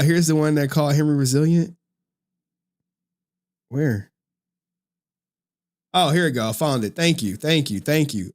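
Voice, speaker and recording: A man streaming live, giving commentary in an animated, exasperated rant with frequent swearing. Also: fairly high pitch.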